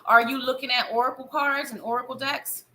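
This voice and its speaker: A woman with a bright, fairly high voice hosts a live tarot reading show. She chats playfully and talks straight to the viewer, laughing often. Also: fairly even intonation, fairly quick, a little hiss or hum, rough recording. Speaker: psychic reader hosting a live show.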